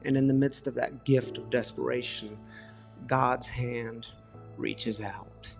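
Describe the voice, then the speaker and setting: Passionate pastor, middle-aged, raspy edge to a higher voice, faint music bed. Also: male voice, steady tone, takes it slowly, long reverb tail. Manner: passionate, rising to emphatic repeated questions and dropping to soft confessional tones. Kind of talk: sermon.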